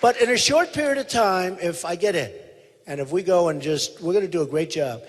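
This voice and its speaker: A man's voice: high voice, lively intonation, a little fast, a faint crowd, a little hiss or hum. A man giving a rally speech as a presidential candidate, talking emphatically, repeating himself and boasting. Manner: emphatic, repetitive, boastful, quotes others in a mimicking voice. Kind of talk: rally speech in conversation onstage. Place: large theater hall. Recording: reverberant theater hall.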